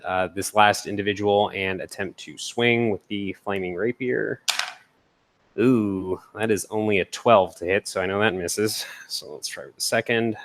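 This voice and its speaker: Lower-voiced man playing a character. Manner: animated, pauses with fillers while rolling. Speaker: player. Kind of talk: describing actions in a tabletop game.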